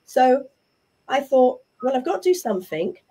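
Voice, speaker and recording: A middle-aged woman with an English accent, a guest telling her story in a chatty, animated way and acting out what others said. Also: high-pitched, normal speed, husky. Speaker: interview guest. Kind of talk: casual conversational storytelling.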